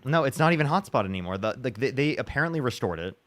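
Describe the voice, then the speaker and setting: Streamer host, male, rapid frustrated chatter, swears and restarts a lot. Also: mid-range voice, expressive, a bit bright. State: upset after a bad day. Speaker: livestream debate host. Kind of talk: casual livestream chat.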